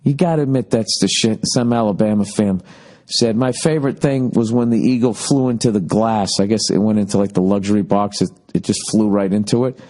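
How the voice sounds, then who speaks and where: This podcast host talks in a lowish, steady, mellow voice at a fairly quick clip. His casual monologue wanders through road stories, full of profanity and mocking impressions.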